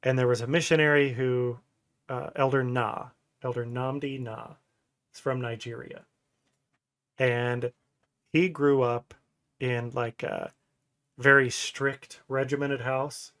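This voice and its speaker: A man in his thirties co-hosts a relaxed podcast, wandering through stories with frequent laughter. His voice sits at a mid pitch. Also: slow, pauses often. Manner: rambling storyteller who laughs often. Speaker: podcast co-host. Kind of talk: casual podcast chat.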